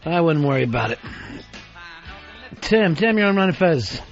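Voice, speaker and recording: A man's voice: on the high side, very animated, normal speed. A man co-hosting a crude comic radio show, blunt and profane, laughing through his rants. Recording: slightly dull broadcast audio with faint music.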